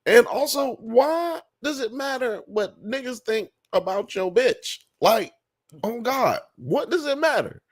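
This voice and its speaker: A man from Alabama, co-hosting a casual TV review chat in an animated, profane way. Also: extremely high pitch, measured pace. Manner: animated, profane, acts out characters. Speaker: podcast co-host.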